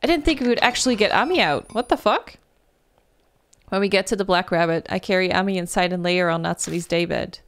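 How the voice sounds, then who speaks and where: A woman reading a visual novel aloud as she plays, breaking into loud, animated exclamations and swearing. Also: fairly low pitch, fast talker, few pauses, dry recording. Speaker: gaming video creator.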